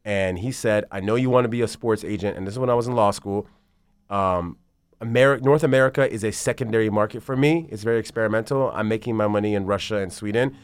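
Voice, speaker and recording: A man's voice: on the low side, quick pace, clean tone, no room sound, clean studio sound. A man in his thirties, a basketball agent, talking casually in an interview and rambling through his story with plenty of swearing. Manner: rambling, profane, animated storytelling.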